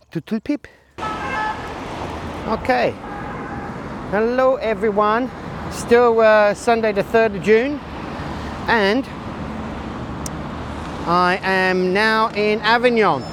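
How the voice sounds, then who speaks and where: Out on a bicycle, moving between country roads and the city, a high-voiced man narrates a casual vlog about his ride and route. He rambles, cracks jokes, pokes fun at himself and talks to himself. You can faintly hear traffic and other outdoor noise.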